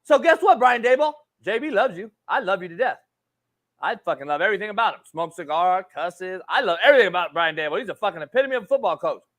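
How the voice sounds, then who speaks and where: High, animated ranting sports host, man. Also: fast talker. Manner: profane, ranting, says homie a lot. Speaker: sports talk show host. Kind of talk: heated sports debate.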